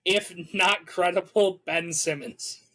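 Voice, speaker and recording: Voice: medium pitch, fairly even intonation, slow, sharp tone, poor audio. A podcast co-host running a sports guessing game from home, teasing and drawn out in reactions. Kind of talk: casual chat.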